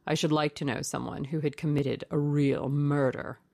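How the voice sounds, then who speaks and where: A woman's voice: low-pitched, fairly even intonation, moderate pace, gravelly, a little mellow, dry recording, clean studio sound. A woman reading the part of a languid, cynical aristocratic man with an ironic drawl.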